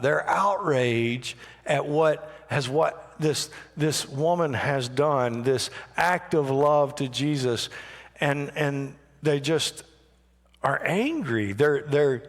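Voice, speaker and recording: Male pastor, slow emphatic sermon, church hall reverb. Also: on the high side. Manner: emphatic preaching, swings from hushed to raised. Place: church sanctuary.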